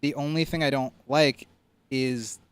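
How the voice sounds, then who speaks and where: A man's voice: mid-range voice, fairly even intonation, a little slow, smooth, dry recording. A man co-hosting a casual movie podcast, talking earnestly about what he likes. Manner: earnest, enthusiastic. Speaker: podcast co-host. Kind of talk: casual chat.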